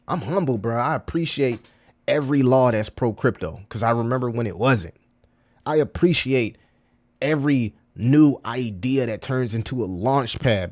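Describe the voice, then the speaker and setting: A man's voice: medium pitch, a little mellow. A man talking casually to his livestream chat, full of slang, repeating himself and calling listeners bro. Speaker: crypto livestreamer.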